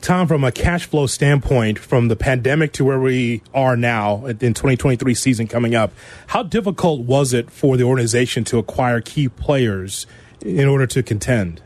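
A man's voice: medium pitch, moderate pace, a little mellow. A man co-hosting a morning sports radio show, opening it in a polished, upbeat way and asking questions. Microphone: studio mic.

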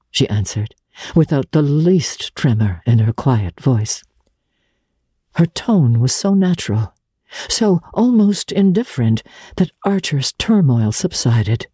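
Mellow, husky audiobook narrator. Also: medium pitch, big pitch swings, slow pace, no echo, studio quality.

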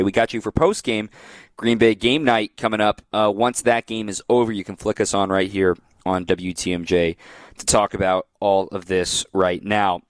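A man hosting a post-game radio sports talk show, running through standings and schedules in a quick, animated way. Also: lowish voice, clean tone, no echo.

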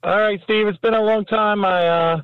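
A man's voice: high-pitched, steady tone, clear, resonant tone, dry recording. Friendly male caller on a muffled line. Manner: friendly, chatty, halting. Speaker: caller, hospice nurse. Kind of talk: casual phone chat. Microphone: phone. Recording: dull lo-fi phone audio.

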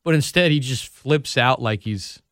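A man hosting a podcast in casual chat, wry and quick to joke. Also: medium pitch, fairly bright tone, no room sound, clean studio sound. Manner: wry, chiming in with jokes. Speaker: podcast host.

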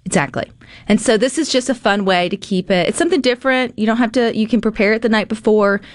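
A woman hosting a casual cooking segment, chatty and animated, with frequent filler words. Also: fairly high pitch, fast talker, dry recording. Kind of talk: casual cooking demo chat.

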